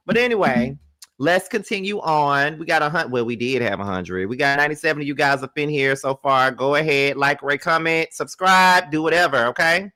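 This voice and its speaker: A man hosts a reaction commentary stream in an animated, profane rant. His voice is bright and forceful. It sounds dry and close, with no room echo. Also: on the high side, moderate pace. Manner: blunt, profane, animated ranting. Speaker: commentary channel host.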